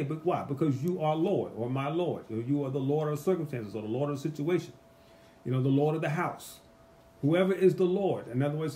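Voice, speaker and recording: A man teaching a casual Bible study, animated and emphatic, asking the group rhetorical questions. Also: on the high side.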